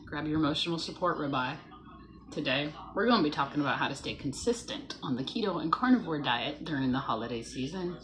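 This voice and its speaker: A woman's voice: low voice, lively intonation, brisk, a bit bright, slight background noise, rough recording. Chatty woman hosting a morning livestream. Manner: chatty and playful, greeting viewers by name. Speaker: livestream host. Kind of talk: casual morning livestream chat.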